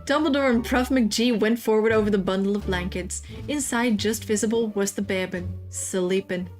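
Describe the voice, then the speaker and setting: A woman's voice: mid-range voice, normal speed, faint music behind. A woman streamer reading a slang parody of a children's book aloud, swearing and laughing at the text. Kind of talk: casual comic read-aloud.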